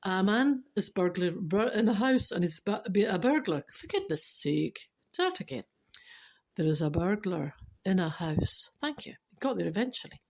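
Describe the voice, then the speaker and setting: A woman's voice: medium pitch, very animated, moderate pace, darkish tone. Chatty Scottish woman telling jokes. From Scotland. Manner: chatty, dry wit, restarts and laughs at herself. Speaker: storyteller and speaker. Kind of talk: casual joke telling.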